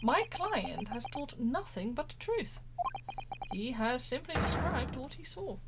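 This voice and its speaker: Earnest, measured defense lawyer, read by a woman streamer, fairly high. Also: sing-song, music in the background, full character voice. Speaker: game streamer.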